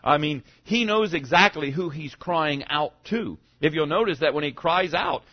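A man preaching a sermon to his congregation, swinging from loud to hushed as he goes. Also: fairly high pitch, expressive, normal speed. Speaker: pastor. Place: church sanctuary. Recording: dull lo-fi sound.

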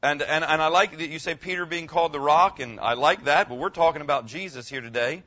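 A pastor preaches to his congregation in a fairly high, forceful voice, pressing his points and asking them questions. His sound is bright and sharp. The recording is dull and lo-fi. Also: brisk. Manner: emphatic, asks the congregation questions. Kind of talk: sermon. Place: room with a congregation.

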